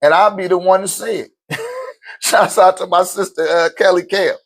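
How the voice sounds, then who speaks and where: High-voiced man preaching bluntly to viewers. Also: huge pitch swings, moderate pace, a bit bright. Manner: blunt, profane, laughs between points; addresses listeners directly with slang. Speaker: host of a spiritual talk channel. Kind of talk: unscripted preaching monologue.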